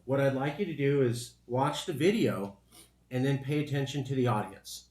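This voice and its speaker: A man hosting a casual panel discussion, talking in an animated way with mocking asides. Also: mid-range voice, normal speed, reverberant. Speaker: podcast host.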